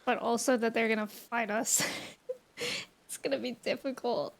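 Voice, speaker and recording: A woman's voice: on the high side, fairly even intonation, brisk, creaky. A woman streaming a game, giving chatty, jokey, slangy commentary as she plays. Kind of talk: casual gameplay commentary. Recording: loud game music behind.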